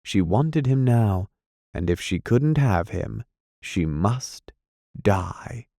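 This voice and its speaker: A man narrating a classic novel in a measured, deliberate reading. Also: on the low side, animated, vocal fry, mellow, no room sound, studio quality. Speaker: audiobook narrator. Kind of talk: scripted narration.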